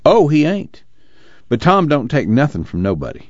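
Guy doing a cocky young farm boy, low and swingy, dry muffled audiobook audio. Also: huge pitch swings, normal speed, dry recording. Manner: cocky rural drawl. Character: brash young farm man, boastful. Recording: dull lo-fi dry audiobook recording.

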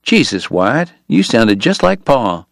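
Easygoing younger brother lawman , read by a male narrator, teasing and brisk, dry close sound. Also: medium pitch, big pitch swings, gravelly, no room sound, exaggerated voice. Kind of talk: audiobook character voice.

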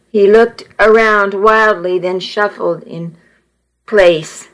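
A woman reads a first-person story aloud at a slow, deliberate pace. Her voice sits in a middle register, and her delivery is measured and intimate. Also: mid-range voice, steady tone, fairly bright tone, low-quality recording. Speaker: audiobook narrator. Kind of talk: first-person audiobook narration.

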